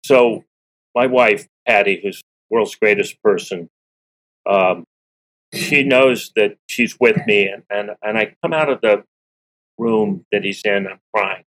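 A middle-aged man telling a personal story as an interview guest, earnest and candid, clearing his throat often and restarting his sentences. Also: on the low side, takes it slowly, a bit bright, poor audio.

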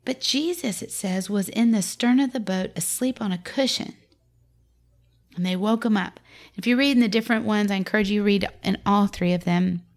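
Gravelly-voiced woman giving a devotional talk. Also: medium pitch, normal speed. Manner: conversational and expressive, acting out quotes. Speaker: Christian speaker to mothers.

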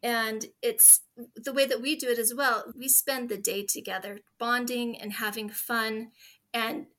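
Bright-voiced earnest woman. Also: fairly high pitch, fairly even intonation, a little slow. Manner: earnest and heartfelt, speaks fondly of family. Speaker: podcast guest. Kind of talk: conversational interview.

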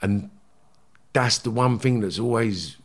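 A man's voice: fairly low pitch, slow. Blunt man telling stories. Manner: blunt and animated, swearing freely. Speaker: guest. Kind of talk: storytelling in a casual interview.

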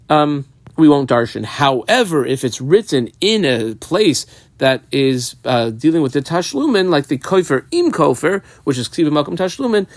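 A man's voice: fairly high pitch, no echo. Sing-song man teaching a Talmud lesson. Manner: reads Aramaic lines with a rising, sing-song lilt, then explains them. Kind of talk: Talmud lesson, reading and translating.

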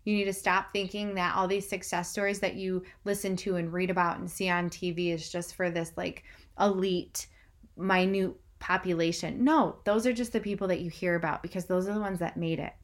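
A woman's voice: lowish voice, fairly even intonation, a little fast. A young woman vlogging an enthusiastic, emotional recap that she speaks straight to her viewers. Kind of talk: casual vlog recap.

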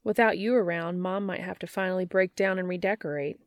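A woman's voice: fairly low pitch, fairly even intonation, a little fast, dry recording, studio quality, natural voice. A woman voicing a brash, teasing young barmaid in a read-aloud story. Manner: teasing, blunt.

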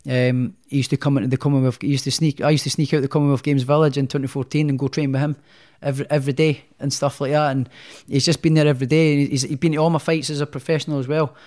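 A man's voice: medium pitch, level tone, fast talker, hardly any pauses, darkish tone. Scottish man telling stories, rambling. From Scotland. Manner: rambling, many restarts and fillers, self-deprecating. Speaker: guest, professional boxer. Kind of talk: casual interview storytelling.

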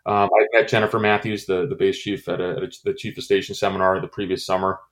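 A middle-aged man recounting a painful memory in an interview, halting with many fillers and restarts, emotional. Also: sits low, little pitch movement. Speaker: former intelligence station chief. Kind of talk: interview, personal recollection.

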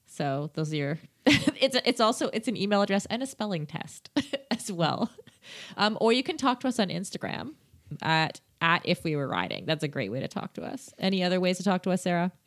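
A woman's voice: on the low side, big pitch swings, brisk. A woman with a Canadian accent co-hosting a podcast, bubbly and teasing in casual chat. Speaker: podcast co-host.

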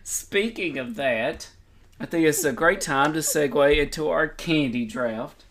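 A woman co-hosting a casual podcast. She sounds relaxed and self-deprecating. Her voice is very low for a woman. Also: unhurried. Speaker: podcast co-host. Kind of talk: casual chat.

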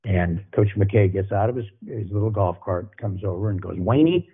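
A man's voice: low-pitched, fairly even intonation, moderate pace, husky. An older man, a former football coach, telling anecdotes in a folksy way, often repeating himself as he goes. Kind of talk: storytelling guest on a podcast. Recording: phone-like narrow sound.

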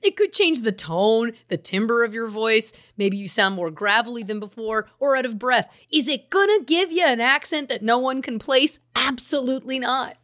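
A woman's voice: fairly high pitch, lively intonation, normal speed, few pauses, a bit bright. A woman co-hosting a true crime podcast, chatty and skeptical in back-and-forth talk. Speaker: podcast co-host.

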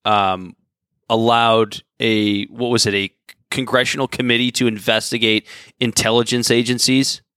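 A man's voice: mid-range voice, level tone, moderate pace, pushed and bright, smooth, no room sound, studio quality. A man co-hosting a casual political chat show, sarcastic, crude and heated. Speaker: podcast co-host.

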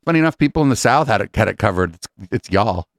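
A man's voice: on the low side, animated, fast, no room sound. A man from California commenting on a clip in a casual, sardonic way. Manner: wry, sardonic. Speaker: podcast co-host commenting.

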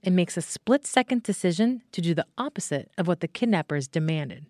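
Woman host, lowish voice, calm measured narration. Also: dry recording. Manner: calm, measured, guiding questions. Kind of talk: scripted narration and interview.

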